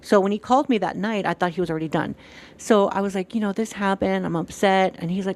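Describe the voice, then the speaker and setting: A woman's voice: mid-range voice, fast, a little mellow. A woman chatting casually on a stream, retelling events animatedly, acting out quoted dialogue and swearing freely.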